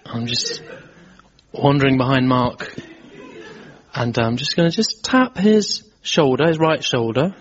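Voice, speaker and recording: A man's voice: mid-range voice, a little slow, pauses often, husky. A man on a comedy show, dryly narrating his own playful antics in front of an audience. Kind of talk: playful comic banter. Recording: dull lo-fi live recording with loud audience.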